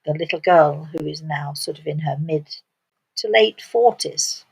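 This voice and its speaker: An older woman telling a story slowly and haltingly, with dramatic pauses and fillers. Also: deep voice, gravelly, a little mellow, slightly rough, low-quality recording. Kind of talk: spoken storytelling.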